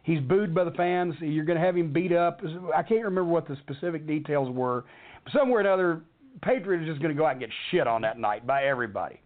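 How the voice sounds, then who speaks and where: A man's voice: a little high, fast. A middle-aged man telling a heated, profanity-laden backstage story in a rambling, fired-up way. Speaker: wrestling storyteller. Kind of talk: profane anecdote on a talk show. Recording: tinny phone-line audio.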